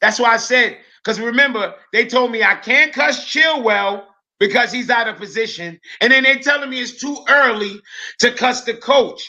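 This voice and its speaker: Brief: combative football pundit, high voice, bright and cutting, swears constantly. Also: male voice, normal speed, muffled recording. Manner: loud, profane, combative. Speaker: football panel regular. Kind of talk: heated football panel chat.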